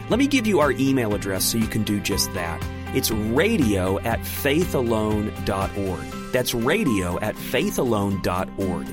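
A man hosting a religious radio show, reading an upbeat promotional outro in the studio. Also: medium pitch. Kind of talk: announcer outro. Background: background music.

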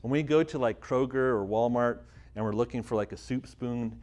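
A tired Canadian man in his thirties, who works as a church speaker and magazine editor, delivers a casual sermon talk with prayer, poking fun at himself. He speaks at a moderate pace with a medium pitch and a darkish tone.

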